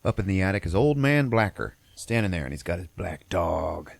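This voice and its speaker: Deep-voiced man with a loose, cursing storytelling manner. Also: big pitch swings, moderate pace, vocal fry, no room sound. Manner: profane, rambling storyteller. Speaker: podcast host. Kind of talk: casual movie recap.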